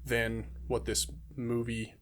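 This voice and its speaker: A relaxed man talking movies with his co-host in an easygoing podcast chat. He sounds upbeat and laughs easily, with a voice of ordinary pitch for a man. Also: slow pace. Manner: relaxed, enthusiastic, laughs often. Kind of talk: casual movie review chat.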